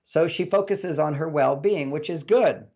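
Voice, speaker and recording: A man giving relationship advice as an interview guest, a lively storyteller who acts out the dialogue he quotes. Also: a little high, moderate pace, muffled recording.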